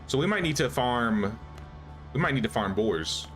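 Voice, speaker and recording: Young man, gaming streamer, rambling live commentary, mid-pitched voice, faint music behind. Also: lively intonation, normal speed, fairly bright tone. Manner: thinks aloud, rambling with restarts. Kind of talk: casual live gameplay commentary.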